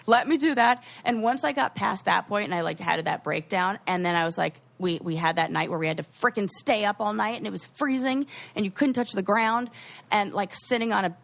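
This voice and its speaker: A young woman co-hosting a podcast, telling animated stories in casual chat with quoted asides. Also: medium pitch, fairly quick, creaky. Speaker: podcast co-host.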